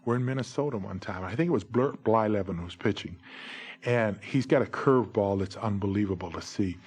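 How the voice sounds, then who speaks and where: A man in his forties, a former baseball umpire, telling humorous stories in a lively, jokey way. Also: lowish voice, brisk, slightly rough. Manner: lively, jokey, breaks into shouted umpire calls. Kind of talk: humorous anecdotal storytelling.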